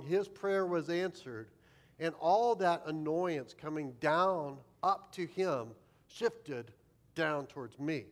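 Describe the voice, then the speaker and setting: A man preaching as a pastor, telling a humorous, self-deprecating childhood story in a sermon. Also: on the high side.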